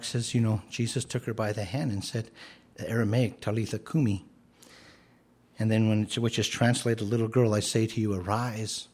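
A man preaching a sermon, earnest and explanatory, rising to emphatic declarations and dropping to a soft, gentle tone. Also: on the low side. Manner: earnest, rises to emphatic commands then drops soft.

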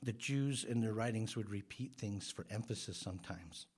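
A man preaching a sermon as pastor, earnest and emphatic, growing louder on the words he stresses. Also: fairly low pitch, moderate pace, husky.

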